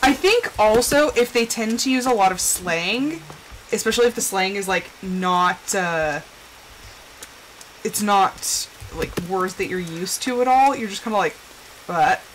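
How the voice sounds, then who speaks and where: A woman's voice: mid-range voice, expressive, unhurried, a little hiss or hum, poor audio. A woman from the Southwest, chatting casually while playing a game and talking to herself between fillers. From Southwestern United States. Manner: rambling, chatty, talks to herself, many fillers. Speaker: streamer. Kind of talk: casual gameplay chat.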